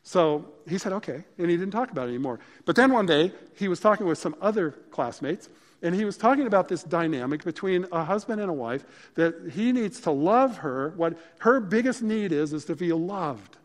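A man's voice: high-pitched, lively intonation, moderate pace. A male pastor preaching a sermon in a conversational, emphatic way that mixes scripture with stories. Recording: long hall reverb.

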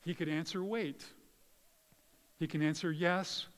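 Guy preaching, kinda high voice, earnest, goes soft then loud, long echo from the hall. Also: fairly even intonation, unhurried. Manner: earnest, varies between hushed and loud emphasis. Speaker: pastor. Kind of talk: sermon.

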